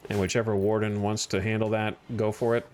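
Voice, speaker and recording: A man's voice: lowish voice, little pitch movement, a little fast, noisy background. Easygoing man thinking aloud over gameplay. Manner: thinks aloud while playing, chatty and easygoing. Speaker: streamer. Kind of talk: casual gameplay commentary.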